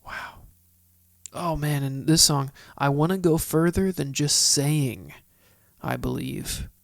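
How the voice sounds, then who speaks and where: Slow, gravelly-voiced man hosting a podcast. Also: a little high, no echo, studio quality. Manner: chatty, thinking aloud, heartfelt. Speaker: podcast host. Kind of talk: solo Bible study podcast talk.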